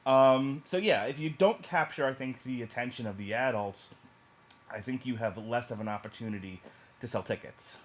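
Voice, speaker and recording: A man's voice: medium pitch, normal speed, slight background noise. A man from New York reviewing a movie in casual chat, blunt and provocative, joking as he goes.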